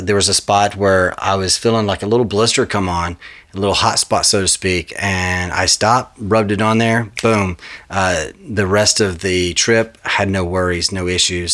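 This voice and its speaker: Man, podcast host, low voice, relaxed, rambling, lots of fillers and restarts. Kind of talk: casual podcast ad read and intro.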